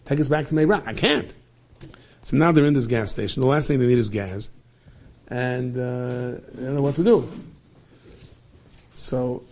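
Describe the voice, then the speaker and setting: A man's voice: mid-range voice, creaky, a little mellow, slightly rough. A man telling an inspirational story to listeners, acting out the characters as he goes.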